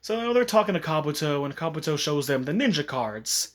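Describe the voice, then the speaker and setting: A man's voice: a little high, big pitch swings, a little fast. A man casually retelling a fan-made story, rambling, with many fillers.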